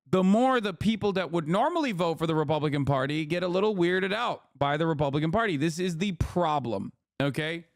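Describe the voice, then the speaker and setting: A man giving casual political commentary as a streamer, animated and profane, often tagging his points with "okay?". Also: high-pitched, dry recording, clean studio sound. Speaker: streamer reacting to news.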